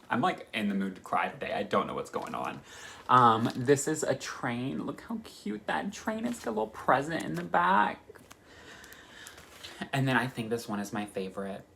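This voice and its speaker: A man chatting excitedly as a cross-stitch vlogger, gushing about his stitching kits in a casual way. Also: on the low side, slight background noise. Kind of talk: casual chat.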